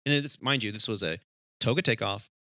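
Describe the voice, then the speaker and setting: A pilot co-hosting an aviation podcast speaks fast in a fairly low voice, sharing a cockpit story over casual chat. He performs the dialogue with animated storytelling flair. The studio recording is clean and echo-free.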